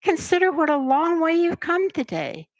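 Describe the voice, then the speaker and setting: A dithering old queen with a high, fluttering voice, put on by a woman reading aloud. Her pitch climbs well above the reader's own and swings freely, rising into shrill, wailing cries. The recording is close and dry. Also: big pitch swings, moderate pace, dry recording, poor audio. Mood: pleading.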